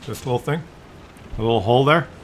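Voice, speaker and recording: An older man, a vlogger, rambles through a loose monologue at a quick pace in a medium-pitched voice. He often restarts words and acts out little scenes, with slight background noise in the recording.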